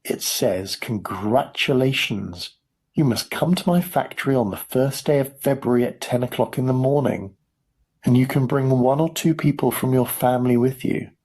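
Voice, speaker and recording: A man voicing a calm adult father in a storybook reading, speaking steadily. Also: mid-range voice, moderate pace, close to an everyday voice.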